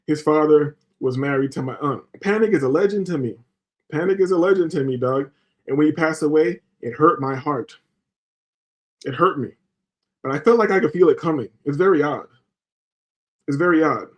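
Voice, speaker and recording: A man on a livestream, talking in a heated, profane rant. His voice sits a little high for a man, and he keeps circling back to rhetorical questions as he works himself up. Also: normal speed, pauses often. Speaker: livestream host.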